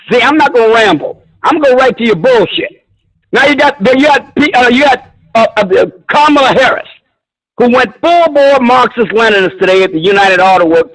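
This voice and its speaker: A man's voice: extremely high pitch, animated, moderate pace, fairly bright tone, rough recording. A man calling in to a talk show, arguing bluntly and combatively with frequent swearing. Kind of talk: heated call-in argument.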